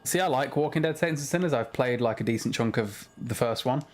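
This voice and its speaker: A man with a mid-range voice talks fairly quickly, chatting casually with viewers as he streams a game. He swears freely and grumbles at the controls, chatty and frustrated throughout.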